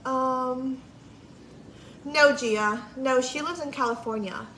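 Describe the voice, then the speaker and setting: A woman livestreamer with a high, fairly bright voice takes her time telling a long, chatty story, quoting people, swearing freely and saying "like" a lot. She's in an echoey room with faint background noise.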